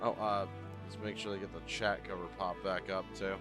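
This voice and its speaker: A man streaming a game live, chatting excitedly and casually with viewers, swearing now and then. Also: sits low, fairly quick, over loud music. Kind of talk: casual gaming livestream chat.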